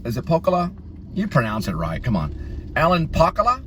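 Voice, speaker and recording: A man's voice: a little high, wildly swooping pitch, moderate pace, fairly bright tone, slight background noise. A man hosting a casual vlog, rambling through name-dropping anecdotes about actors. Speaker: vlog host, delivery runner.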